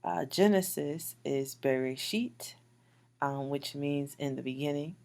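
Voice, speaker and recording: A woman's voice: low-pitched, measured pace, vocal fry, warm tone. A woman teaching a beginner Biblical Hebrew lesson over slides, patiently repeating words with frequent fillers. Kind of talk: recorded slide lecture.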